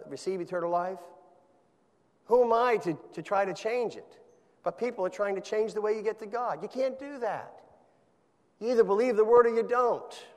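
A man preaching a sermon, emphatic, often rising to forceful peaks, with quiet stretches in between. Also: high voice, long reverb tail. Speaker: pastor.

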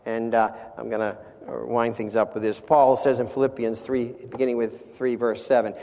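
A man preaching a sermon and reading scripture aloud, then closing in prayer, moving between loud emphasis and quiet, soft passages. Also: medium pitch, steady tone, normal speed, hardly any pauses. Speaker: pastor. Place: church sanctuary. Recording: long reverb of a church hall.

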